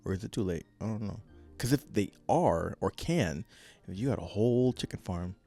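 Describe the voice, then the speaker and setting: A man's voice: fairly low pitch, lively intonation, moderate pace, vocal fry, warm tone, faint music behind. A young man co-hosting a podcast in casual chat, playfully spinning ideas aloud. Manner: playful, spins schemes aloud. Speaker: podcast co-host.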